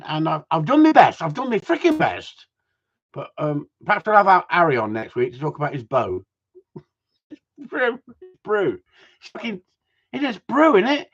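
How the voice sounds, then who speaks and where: Man, middle-aged, sweary live stream host, bouncy delivery, muffled recording. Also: a little high. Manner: swears a lot, laughs often, chatty. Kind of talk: casual chat with viewers. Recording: dull lo-fi sound.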